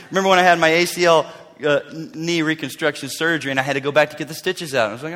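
A man preaching a sermon, telling stories with dramatic swings between loud bursts and hushed asides. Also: on the high side, steady tone, rapid-fire. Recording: long reverb of a large hall.

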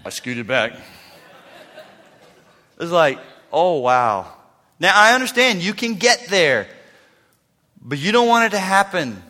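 High-voiced pastor in his fifties preaching. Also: big pitch swings, unhurried, pauses often, long reverb tail. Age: 50s. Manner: swings from loud preaching to hushed near-whisper asides. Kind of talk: sermon.

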